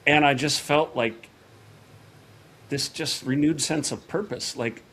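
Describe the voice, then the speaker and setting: A man's voice: fairly high pitch, slow, husky. Man telling a story with quoted dialogue. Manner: animated retelling with quoted dialogue. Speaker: podcast guest. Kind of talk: casual storytelling.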